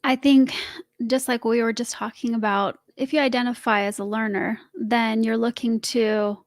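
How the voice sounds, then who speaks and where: A woman's voice: a little high, fairly even intonation, normal speed, dry recording, clean studio sound. A woman guest on a podcast, explaining her ideas casually and laughing at herself as she talks. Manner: laughs while explaining, self-mocking. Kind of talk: casual interview chat.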